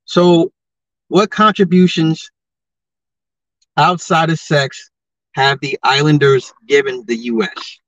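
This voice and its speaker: A man hosting a podcast, giving confrontational social commentary and firing off rhetorical questions, his voice jumping high when he gets heated. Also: fairly even intonation, slow pace, pauses often, a bit bright, no room sound. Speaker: podcast host. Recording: dull lo-fi podcast mic, dry.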